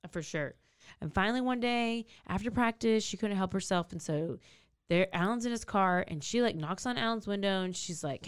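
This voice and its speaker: A woman with a smooth, medium-pitched voice speaks at a moderate pace while co-hosting a podcast. In casual chat, she tells a true crime story with animated flair, acting out the lines of the people involved.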